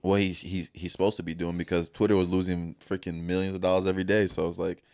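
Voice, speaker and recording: A man's voice: low-pitched, level tone, fast talker, a little mellow, smooth, no echo, studio quality. A man co-hosting a podcast in casual chat, easygoing and slangy, laughing often. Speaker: podcast co-host.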